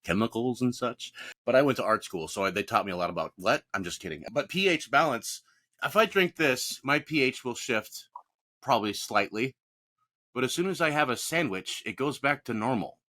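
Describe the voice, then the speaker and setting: A man's voice: mid-range voice, lively intonation, normal speed, bright, forceful tone. A man co-hosting a podcast in casual chat, making sarcastic, jokey asides. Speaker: podcast co-host.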